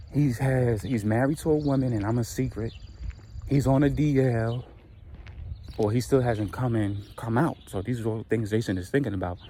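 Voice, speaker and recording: A man casually retelling a dramatic story in slangy, animated speech. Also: fairly low pitch, slight background noise.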